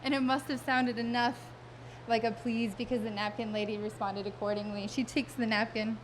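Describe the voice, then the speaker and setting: A woman's voice: fairly high pitch, level tone, background noise. Wry woman telling a comic story onstage. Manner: wry, vivid and self-mocking, with dramatic pauses. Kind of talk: comic personal storytelling on stage. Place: live stage event before an audience.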